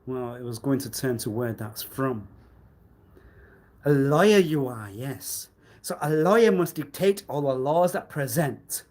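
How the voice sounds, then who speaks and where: A man on a live stream delivering a rambling, accusatory monologue, swinging between loud outbursts and low muttering. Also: animated, unhurried. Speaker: livestreamer.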